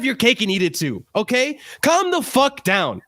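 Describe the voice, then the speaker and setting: A man's voice: very high-pitched, huge pitch swings, normal speed, bright, forceful tone, no echo, soft background music. A man co-hosting a fan livestream, ranting in a profane, heated way and saying he is cranky from too little sleep. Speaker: livestream co-host.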